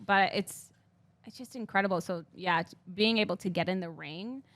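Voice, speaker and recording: A woman from Ontario telling excited stories in a casual interview, acting out quotes in lively voices. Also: mid-range voice, normal speed, no echo. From Canada (Ontario). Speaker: guest, wrestling interviewer and host. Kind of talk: casual conversation.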